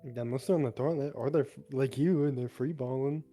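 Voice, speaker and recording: A man teasing his friends with deadpan crude jokes during a tabletop game. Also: medium pitch, a little fast, faint music behind. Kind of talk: casual chat at a tabletop game.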